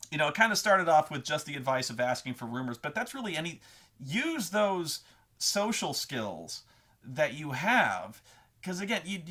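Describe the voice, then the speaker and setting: A man hosting a casual monologue on tabletop role-playing, rambling and profane, slipping into quick character voices as he explains. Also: fairly high pitch, fairly bright tone. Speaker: host of a tabletop gaming advice show.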